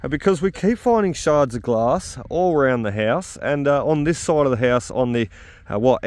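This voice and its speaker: Upbeat Australian man outdoors. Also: medium pitch. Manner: upbeat and chatty, with frequent 'uh' fillers. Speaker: metal detecting vlogger. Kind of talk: casual outdoor commentary. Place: outdoors at an old house site.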